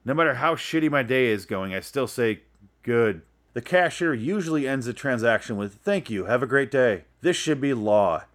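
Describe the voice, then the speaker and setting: Young man, 20s, for a profane, exasperated comedic rant; sarcastic and blunt. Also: medium pitch. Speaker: vlogger. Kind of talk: ranting comedic monologue. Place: his room.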